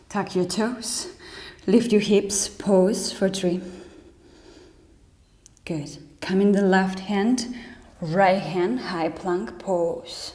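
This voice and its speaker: Warm and mid-pitched, a woman's voice guides a yoga session, calling out poses and counting breaths with slightly non-native phrasing. Long reverb fills the echoey room.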